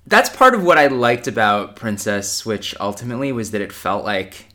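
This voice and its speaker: Podcast co-host, man, low pitch, bright tone, measured and analytical. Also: expressive. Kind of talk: casual chat.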